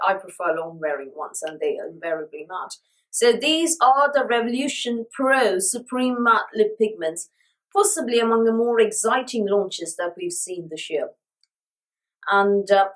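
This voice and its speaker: A woman's voice: medium pitch, fairly bright tone, low-quality recording. Woman with a sore throat reviewing lipsticks. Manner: chatty, enthusiastic, repeats words for emphasis. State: sore throat, sucking a lozenge. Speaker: beauty vlogger. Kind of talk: casual product review.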